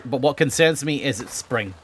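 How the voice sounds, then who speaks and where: A man's voice: medium pitch, expressive, normal speed, fairly bright tone, a little hiss or hum. A Scottish man on a live stream, reading chat aloud and joking at his own expense. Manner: joking, self-deprecating, swears.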